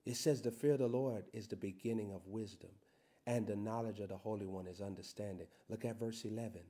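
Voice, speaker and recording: A man preaching a sermon, reading scripture slowly and building to loud, shouted emphasis. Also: lowish voice, fairly even intonation.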